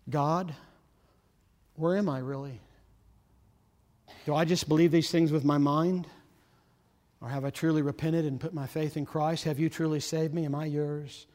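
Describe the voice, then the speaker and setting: A man preaching a sermon, earnest and urgent, swinging between loud emphasis and hushed, quiet lines. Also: a little high, fairly even intonation, normal speed, long pauses, in a large hall.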